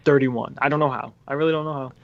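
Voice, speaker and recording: A man's voice: mid-range voice, fairly even intonation, fast, gravelly, no room sound. Dry teasing male co-host, dull sound. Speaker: podcast co-host. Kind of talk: casual chat.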